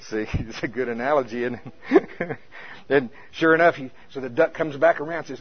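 Folksy husky-voiced man preaching. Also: medium pitch, moderate pace. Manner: folksy, conversational. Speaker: pastor. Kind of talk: sermon with storytelling. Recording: muffled lo-fi recording.

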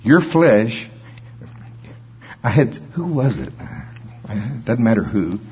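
A man preaching an informal sermon in a conversational way, with slow, deliberate scripture reading and a husky voice. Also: medium pitch, big pitch swings, dull audio.

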